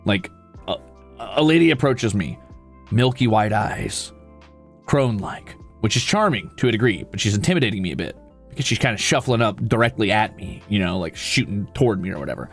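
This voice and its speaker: Animated guy streamer telling a funny story, voice jumps all over, soft music behind. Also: fairly low pitch, brisk. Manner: animated, laughing, acts out voices. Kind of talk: casual storytelling chat.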